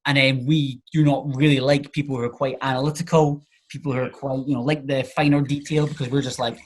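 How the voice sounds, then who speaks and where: Husky man explaining in easy chat. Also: mid-range voice, little pitch movement, brisk. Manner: chatty, explaining with examples and filler phrases. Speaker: podcast guest, charisma coach. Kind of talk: casual podcast chat.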